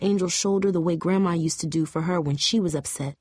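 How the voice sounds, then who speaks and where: A woman narrating an audiobook in a steady, even storytelling voice. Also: lowish voice, moderate pace, few pauses, slightly rough, no echo, clean studio sound.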